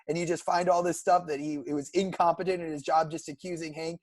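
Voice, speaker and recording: A man's voice: on the high side, quick pace, hardly any pauses, a little mellow, no room sound. Upbeat young man recapping a cartoon. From California. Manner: enthusiastic, recounts plots at length. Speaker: podcast co-host. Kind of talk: casual chat.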